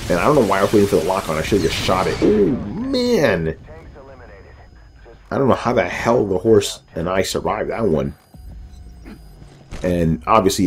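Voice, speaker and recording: A man's voice: low voice, a little hiss or hum. A man giving casual commentary over a video game walkthrough, rambling loosely with lots of fillers and joking asides about himself.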